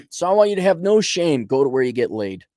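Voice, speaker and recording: A man's voice: fairly high pitch, big pitch swings, a little fast, dark tone, no room sound, clean studio sound. A man hosting a casual rant show, answering a viewer's letter in a blunt, profane, rambling way with lots of restarts. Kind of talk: casual ranting commentary.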